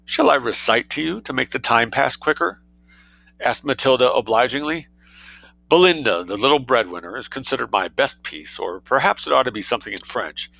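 A man gives voice to a prim, calculating young girl who bargains with cold, polite dignity. The voice is bright and somewhat low, with lively swings in pitch and a gravelly edge, recorded dry and close. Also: no echo, low-quality recording. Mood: obliging. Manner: cold dignity, coolly mercenary.

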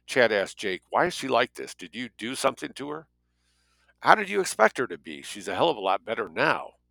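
A man's voice: mid-range voice, sing-song, brisk, gravelly, sharp tone, no room sound, poor audio. A man reading a story aloud as an audiobook narrator, lightly voicing the dialogue.

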